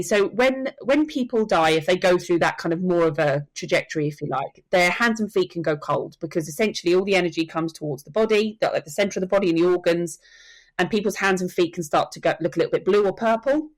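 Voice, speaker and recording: A woman's voice: on the low side, fast. Woman, earnest death educator. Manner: earnest storytelling, acts out quotes. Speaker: soul midwife and death educator. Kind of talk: podcast conversation.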